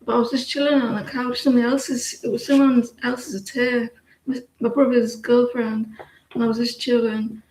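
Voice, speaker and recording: A woman's voice: a little high, steady tone, a little mellow, reverberant, poor audio. Rambling woman reading tarot. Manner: rambling, halting, full of fillers and restarts. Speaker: tarot reader. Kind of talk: live-stream tarot reading and casual chat.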